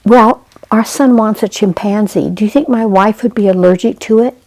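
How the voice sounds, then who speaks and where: A woman voicing a calm, sensible father, speaking in a measured way in her own storytelling voice. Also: mid-range voice, lightly acted, poor audio. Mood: mild.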